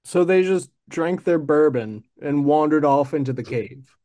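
Curious co-host with a lively voice. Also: medium pitch, measured pace. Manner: curious, interjecting short questions. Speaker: co-host listener. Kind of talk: casual chat.

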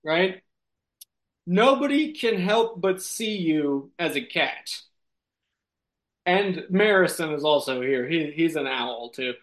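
High-voiced man rambling through a comic story. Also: lively intonation, slow pace, pauses often, fairly bright tone. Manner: rambling, giggly, many fillers. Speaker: improv storyteller.

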